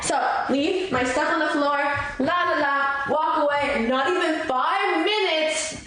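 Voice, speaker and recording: A young woman with a high voice chats on a livestream, telling a story with lively swearing and bursts of laughter. Her voice bounces around a very echoey room, with faint noise underneath. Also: moderate pace. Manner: animated, swearing, laughing, mimics people. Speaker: streamer. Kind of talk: casual storytelling chat.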